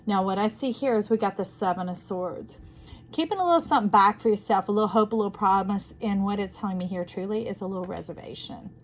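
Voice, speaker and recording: Animated woman giving a tarot reading. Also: mid-range voice, quick pace, slight background noise. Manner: animated, playful, rambling spiritual talk. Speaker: tarot reader.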